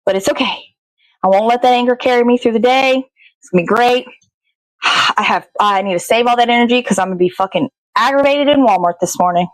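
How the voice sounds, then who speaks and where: In her home kitchen, a woman hosts a morning show, baking as she chats casually, rambles to herself, and curses without restraint. Her voice is a little high and brisk, captured in a dry, low-quality recording.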